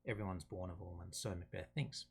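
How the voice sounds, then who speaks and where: A man's voice: sits low, fairly even intonation, fast talker, creaky, a little mellow, husky. A man, explaining a play to students in a casual way and reading quotes aloud between his explanations. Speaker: teacher.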